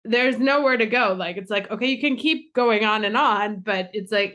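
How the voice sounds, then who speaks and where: A woman's voice: on the high side, normal speed, fairly bright tone, muffled recording. Enthusiastic woman podcast host. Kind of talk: conversational interview.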